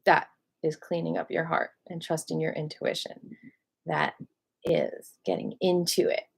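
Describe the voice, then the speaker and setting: A woman leading a qigong meditation class, speaking in a gentle, affirming way and often repeating her cues. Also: sits low, fairly even intonation, a little slow, creaky, slightly rough. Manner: gentle, affirming, repetitive coaching. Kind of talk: guided meditation instruction.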